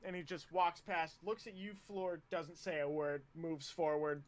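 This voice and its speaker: Male game master, slow unhurried narration, casual and stop-start. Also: fairly high pitch, little pitch movement.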